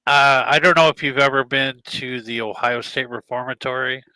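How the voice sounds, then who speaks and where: Bright-voiced enthusiastic male host. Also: mid-range voice, fairly even intonation, normal speed, clean tone, dry recording, low-quality recording. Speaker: podcast host. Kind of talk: casual interview chat.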